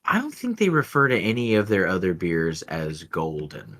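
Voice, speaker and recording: A man with a very low voice chats casually on a podcast, wandering from one thought to the next. His humor is wry and dry. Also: huge pitch swings, moderate pace, a bit bright. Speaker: podcast co-host. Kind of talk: casual chat while tasting beer.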